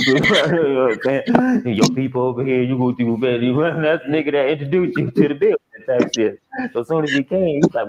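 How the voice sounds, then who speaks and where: A man's voice: mid-range voice, a little fast, lo-fi sound, crowd noise. A man telling a story in casual slang, acting out other people's lines. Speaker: guest telling a prison story.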